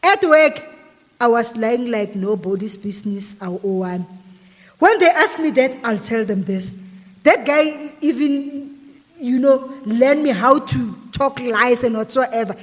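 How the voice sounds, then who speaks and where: Brief: woman, emotional storyteller, slightly high voice, long room reverb. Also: expressive, unhurried. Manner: emotional, repetitive retelling full of quoted dialogue. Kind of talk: personal storytime monologue.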